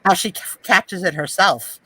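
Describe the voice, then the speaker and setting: A woman's voice: fairly low pitch, moderate pace, bright, forceful tone, husky, low-quality recording. A woman from New Jersey hosting a casual live video chat, bubbly and laughing, stumbling over her words. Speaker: live stream host. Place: home, video call. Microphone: computer mic on video call.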